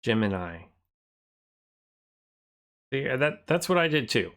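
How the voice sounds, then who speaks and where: A man chatting casually on a live stream, thinking aloud and often trailing off into quieter mumbles as he reads from his screen. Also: mid-range voice, sing-song, unhurried.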